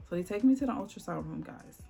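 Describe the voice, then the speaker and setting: A woman's voice: lowish voice, expressive, quick pace, creaky, dark tone, faint music behind. A woman telling a dramatic personal story on her vlog, acting out the voices of the people in it. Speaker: vlogger.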